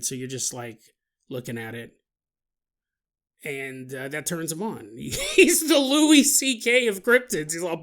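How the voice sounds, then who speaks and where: Animated, bright-voiced male podcast host. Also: high-pitched, moderate pace. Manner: animated, laughs often, acts out silly scenarios. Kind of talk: comedic podcast monologue.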